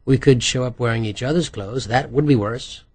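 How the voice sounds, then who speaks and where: A man's voice: mid-range voice, moderate pace, a little mellow, lightly acted. Man reading a wry, joking man. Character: witty, playful male writer, lover. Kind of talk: audiobook character voice.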